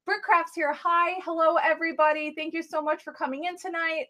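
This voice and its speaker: A woman's voice: very high-pitched, fairly even intonation, brisk, sharp tone. A woman chatting casually on a live stream, reading out viewer names, thanking viewers and apologizing a lot. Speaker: live-stream tarot reader.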